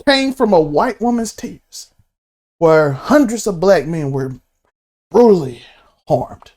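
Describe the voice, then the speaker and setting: Excitable man laughing through podcast chat. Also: slow pace. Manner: excitable, laughs often, swings from high to low. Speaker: podcast co-host. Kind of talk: casual chat.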